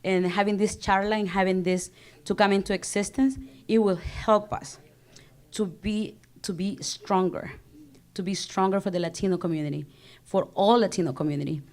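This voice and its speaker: A woman in her thirties with a Salvadoran Spanish accent speaks at normal speed in a medium-pitched, darkish, steady voice. She directs a government office and gives a passionate panel speech, switching between Spanish and English.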